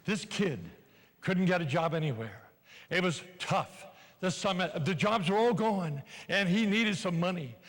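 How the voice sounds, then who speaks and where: An older man giving a live motivational speech to an audience in a large hall, animated and playful as he urges the crowd along. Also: high voice, unhurried. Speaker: motivational speaker. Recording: long reverb in a hall.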